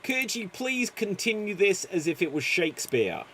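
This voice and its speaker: A man's voice: high-pitched, very animated, moderate pace, fairly bright tone, slight background noise. A man hosting a live improv show, calling out prompts and explaining the game rules. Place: live theater stage.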